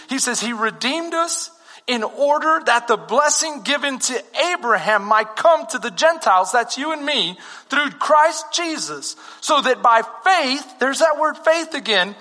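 A man's voice: extremely high pitch, animated, measured pace, pushed and bright, long reverb tail. A male pastor preaching a sermon with fervor, driving points home with emphatic rhetorical questions.

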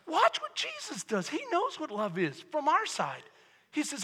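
A male pastor from Texas preaching a sermon, moving from soft, intimate passages to loud, shouted passion. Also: extremely high pitch, wildly swooping pitch, normal speed. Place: church sanctuary. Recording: long hall reverb.

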